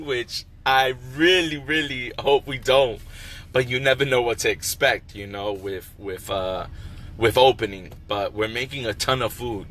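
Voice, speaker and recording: A man who owns a restaurant, talking casually and warmly to his followers, encouraging them with lots of fillers. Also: medium pitch. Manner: heartfelt, encouraging, many fillers. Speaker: restaurant owner. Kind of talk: casual motivational vlog. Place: in a car, then a wholesale store.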